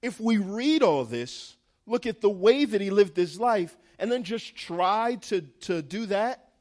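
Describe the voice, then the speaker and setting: A man's voice: high-pitched, expressive, unhurried, darkish tone. A male pastor preaching a sermon in an emphatic way, building in intensity.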